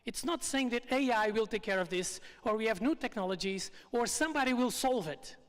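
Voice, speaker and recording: Speaker, lively storytelling, mid-range pitch, echoing event hall. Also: fairly quick. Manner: lively, non-native phrasing. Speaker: storyteller speaker at a retreat evening. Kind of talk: live storytelling talk. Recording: long reverb from a live hall.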